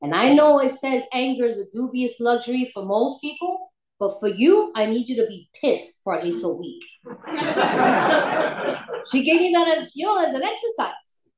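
Woman, recovery share, candid storyteller with ready laughter, high pitch, echoey room. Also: sing-song, normal speed, a little hiss or hum. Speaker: speaker sharing at a recovery meeting. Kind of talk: personal recovery testimony.

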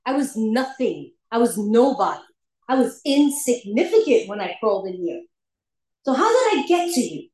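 A woman's voice: high voice, darkish tone. A woman giving a candid personal recovery testimony at a meeting, laughing often as she tells her story. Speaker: speaker sharing at a recovery meeting. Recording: echoey room.

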